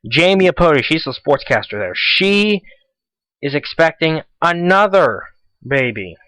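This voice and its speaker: A teenage boy hosts a casual school radio show solo, rambling and repeating himself as he chats. His male voice is fairly high, very animated, pushed and bright, and a little slow, on a low-quality recording with no echo.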